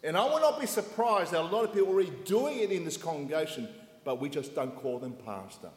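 A man preaching a sermon in a church hall in short phrases, pausing so an interpreter can follow. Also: a little high, animated. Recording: echoey hall with long reverb.

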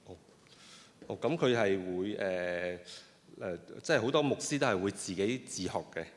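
A man interpreting a sermon phrase by phrase, often pausing with fillers and restarting his sentences. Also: low-pitched. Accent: Cantonese. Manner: hesitant, with frequent fillers and restarts. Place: church hall. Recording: long reverb of a hall.

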